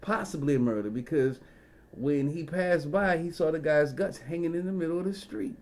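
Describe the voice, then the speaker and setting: Guy ranting a story to camera, kinda high voice, cussing a lot, rambles all over with ums and you knows. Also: moderate pace, a little mellow. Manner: profane, rambling with frequent fillers and asides. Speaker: vlogger. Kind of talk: casual storytelling rant.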